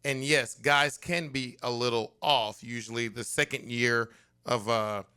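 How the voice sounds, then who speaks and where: A man's voice: medium pitch, little pitch movement, measured pace, pushed and bright, smooth. A man who once played quarterback, explaining football plays on a sports radio show. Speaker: former pro quarterback guest.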